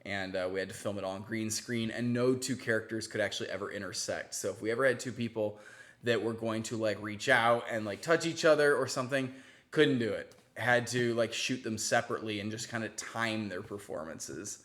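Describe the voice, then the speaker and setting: A man hosting a casual live-stream chat and reading out viewer questions, chatty and quick to giggle. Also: lowish voice, fairly bright tone. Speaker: host.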